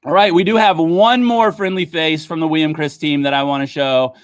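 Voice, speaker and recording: A man's voice: a little high, fairly even intonation, fairly quick, dry recording, clean studio sound. A man hosting a casual livestream wine tasting, chatting upbeat with viewers. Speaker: livestream host.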